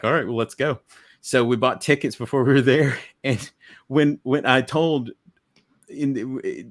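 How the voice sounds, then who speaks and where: A man chatting casually as a guest over a video call, rambling enthusiastically with many restarts. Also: mid-range voice. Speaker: guest collector. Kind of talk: casual chat.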